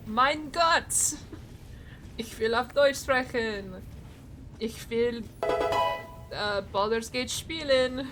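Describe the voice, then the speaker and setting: Brief: young woman streamer, fairly high voice, unhurried, laughs a lot, self-deprecating, reads chat aloud. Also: music in the background. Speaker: game streamer. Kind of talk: casual live-stream chat while gaming.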